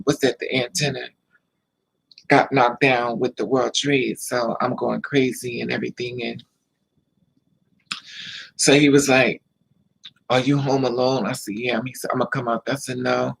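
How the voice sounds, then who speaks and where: A man's voice: mid-range voice, level tone, unhurried, vocal fry, pauses often, fairly bright tone, breathy edge, poor audio. A man casually telling a personal story to the camera, repeating himself and quoting the people involved. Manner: repetitive, emotional retelling with quoted dialogue. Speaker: vlogger.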